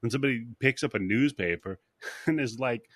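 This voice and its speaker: A man's voice: mid-range voice, fairly quick, no room sound, clean studio sound. A man hosting a podcast in casual chat, recapping a film scene by scene, laughing often and slipping into voices for the characters. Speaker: podcast host.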